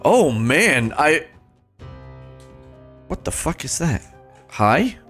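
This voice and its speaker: A man streaming a game live, joking at himself and swearing, with sudden excited yelps. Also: fairly high pitch, drawn-out words, soft background music. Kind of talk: live gameplay commentary.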